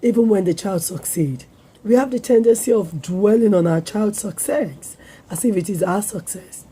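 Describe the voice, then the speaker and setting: A woman hosting her own parenting vlog, her voice hoarse as it comes back, talking earnestly with filler pauses. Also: mid-range voice, warm tone. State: hoarse, voice recovering. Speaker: vlogger and parenting show host. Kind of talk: solo vlog talk to viewers.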